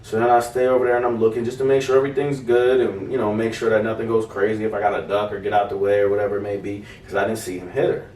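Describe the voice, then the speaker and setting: Talking very fast with hardly any pauses, this podcast co-host has a lowish voice, with a little hiss or hum in the roomy, distant-mic recording. The young man tells an animated story in casual chat, cursing freely and impersonating the people he quotes.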